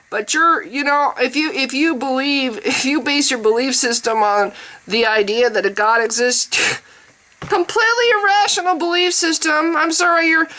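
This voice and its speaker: A woman's voice: high-pitched, pushed and bright, low-quality recording. A woman playing a smug, self-certain man who preaches and mocks others in a repetitive rant. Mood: scornful. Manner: mocking, preachy, repetitive ranting.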